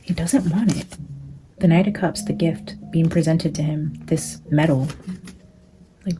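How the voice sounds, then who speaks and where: A woman's voice: deep voice, steady tone, a little slow, long pauses, rough recording. A woman reading tarot cards and channeling a spirit, talking intensely with frequent swearing and filler words. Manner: intense, profane, lots of "like" fillers. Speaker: tarot reader and medium. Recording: music playing under the voice.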